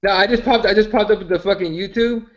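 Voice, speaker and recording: A man's voice: high voice, fast talker, highs cut off. A man co-hosting a fight watch-along, telling rambling stories full of swearing and fillers. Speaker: podcast co-host. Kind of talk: casual storytelling chat.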